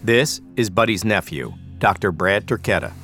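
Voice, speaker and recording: A man giving measured, scripted documentary narration. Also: fairly low pitch, expressive, fairly bright tone, soft background music. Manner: measured, clear.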